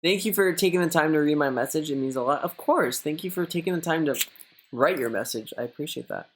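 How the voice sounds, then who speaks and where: A man's voice: quick pace, a little hiss or hum. A young man reading out viewer messages on a live stream and chatting back casually, rambling and swearing a lot. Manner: mocks a high gushing voice when quoting others.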